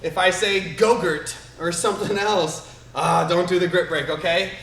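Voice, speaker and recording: A man's voice: sits high, steady tone, moderate pace, a bit bright, slight background noise. A man teaching a live online karate class for kids, upbeat and encouraging as he calls out counts and commands, filmed in a martial arts studio by a camera a few steps away. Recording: roomy studio echo.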